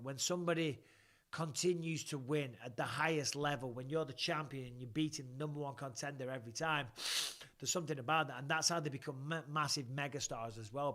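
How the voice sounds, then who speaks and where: A man's voice: on the high side, fairly bright tone. Chatty man hosting a live Q and A. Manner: chatty, reads viewer questions aloud and answers candidly. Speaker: podcast host. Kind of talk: live-stream Q and A.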